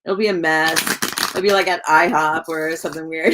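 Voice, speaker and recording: A woman giving live-stream tarot readings in a chatty, gushing way, full of likes and ums and quick laughs. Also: fairly low pitch, slight background noise. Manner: chatty, warm to viewers, laughs often. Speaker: tarot reader.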